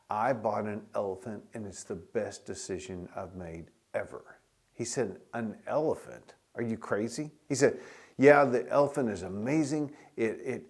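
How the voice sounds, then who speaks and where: A pastor preaching a sermon, telling stories in a loose conversational way with restarts, and getting loud when he reads scripture. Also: fairly low pitch.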